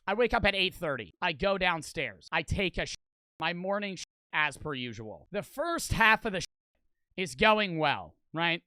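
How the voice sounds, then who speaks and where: A man's voice: high-pitched, sharp tone, clean tone, no room sound. A man in his early twenties casually telling a profane, rambling story to his stream audience. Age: young adult.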